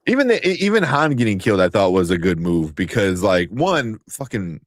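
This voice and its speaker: Man, low voice, lively and swearing, casual podcast co-host, dry sound. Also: no echo. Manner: animated, swearing, quick impressions of people. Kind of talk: casual movie chat.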